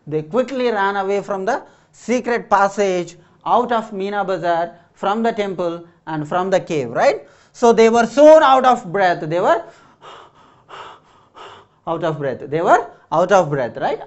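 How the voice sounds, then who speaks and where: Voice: mid-range voice, lo-fi sound. An English teacher explaining a story and word meanings step by step, often checking in with "right?". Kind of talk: classroom vocabulary lesson.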